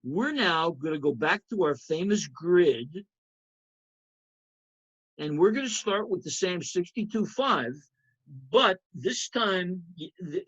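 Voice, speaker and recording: A man's voice: high-pitched, fairly bright tone, highs cut off. A man teaching an accounting review lecture, emphatic, repeating key points and checking in with students. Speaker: accounting instructor.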